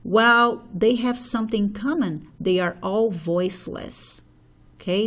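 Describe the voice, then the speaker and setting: A woman teaches a phonology lesson at an unhurried, measured pace. She walks through each example step by step, pausing to check in with her students. Her voice sits at an ordinary middle pitch. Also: a bit bright. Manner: slow, step-by-step explaining with frequent "okay?" checks.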